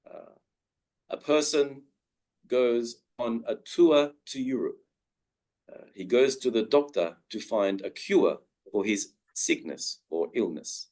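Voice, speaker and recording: A man's voice: mid-range voice, slow pace, a little mellow. A young man, giving a webinar lecture and carefully modelling the sound of each word aloud. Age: young adult. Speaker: guest speaker teaching pronunciation.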